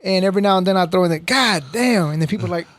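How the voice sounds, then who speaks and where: A man's voice: sits high, rapid-fire. A man hosting a casual podcast, telling stories in a rambling way with frequent restarts. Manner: rambling, restarts often, animated storytelling. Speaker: podcast host.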